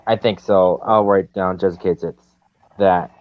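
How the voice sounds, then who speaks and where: A man hosting a casual chat, speaking haltingly with many pauses. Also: low voice, fairly even intonation, a little hiss or hum. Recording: dry, dull lo-fi mic.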